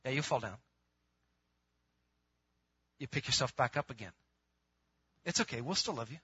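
A man preaching a sermon to his congregation in a lively, conversational way, moving from loud emphatic bursts to quiet, intimate pleading. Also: medium pitch, moderate pace, husky, highs cut off. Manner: calls the congregation "gang", laughs between points. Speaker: pastor.

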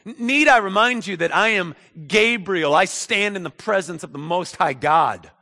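A man's voice: on the high side, lively intonation, moderate pace, gravelly, fairly bright tone, husky, voice pushed up, exaggerated voice. A man voicing an indignant, proud male archangel messenger with emphatic, exclaiming stresses. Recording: echoey hall.

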